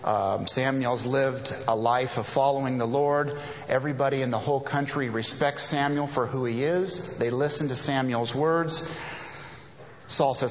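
A man's voice: mid-range voice, fairly even intonation, unhurried. Man preaching in an echoing hall. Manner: reads scripture aloud, breaks off to explain and paraphrase. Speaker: pastor. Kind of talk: sermon with scripture reading. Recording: reverberant hall, dull lo-fi sound.

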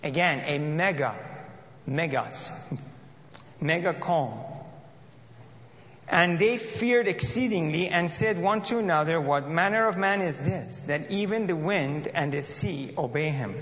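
In a reverberant church hall, a man with a fairly bright, somewhat high voice preaches a sermon and reads scripture aloud, expressive and unhurried. He is earnest and often repeats or restarts his phrases. The audio is dull and lo-fi.

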